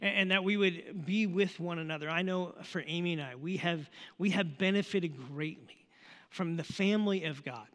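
A man's voice: sits high, moderate pace, a bit bright. A man preaching a sermon as a pastor, talking conversationally, asking the congregation questions and often repeating words as he goes. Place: church auditorium. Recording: long hall reverb from a church auditorium.

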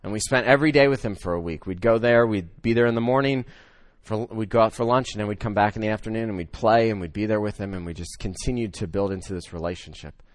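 A man in his thirties preaching a sermon, telling a personal story that swings between loud excitement and hushed emotion. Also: fairly low pitch, quick pace, hardly any pauses, no echo, clean studio sound. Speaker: pastor.

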